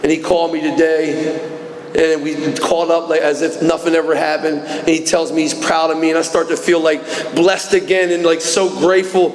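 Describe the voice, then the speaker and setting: A man in his forties with a voice on the high side, level in tone and at normal speed, gives a personal testimony at a recovery meeting. He's earnest and emotional, rising to fervent, captured from a distance in an echoey large hall.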